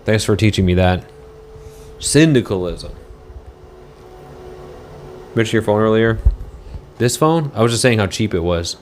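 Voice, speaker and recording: A man chatting casually on a livestream from a motel room, rambling and halting as he reads viewer comments aloud. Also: on the low side, a little hiss or hum.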